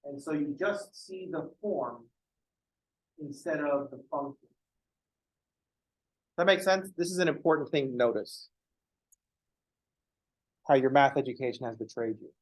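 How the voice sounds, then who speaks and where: Swearing, casual math lecturer, fairly high voice. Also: male voice, a little slow, pauses often, poor audio. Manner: casual, profane, acts out dialogues. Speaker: math instructor. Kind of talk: informal lecture.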